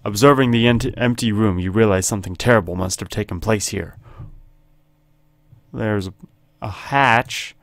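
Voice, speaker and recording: A man's voice: fairly low pitch, moderate pace, no echo, studio quality. Laughing man reading a horror game. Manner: jokey, laughing, chatty asides. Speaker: gaming video host. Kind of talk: reading and narrating a horror text game aloud.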